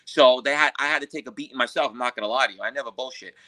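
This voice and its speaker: A man from Queens, telling a story as a podcast guest in a profane, animated way and acting out what others said. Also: mid-range voice, racing. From Queens, New York. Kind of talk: casual storytelling.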